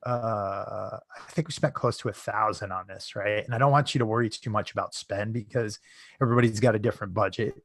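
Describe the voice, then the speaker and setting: A man's voice: fairly low pitch, a little fast, gravelly, no echo. A man presenting a casual live webinar, chatty, often tagging his sentences with "right?".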